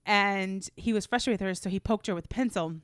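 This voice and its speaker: Thirtysomething woman on a podcast, laughs a lot, animated storytelling, dry close sound. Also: medium pitch, brisk, clear, resonant tone, no echo. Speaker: podcast co-host. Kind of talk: casual chat.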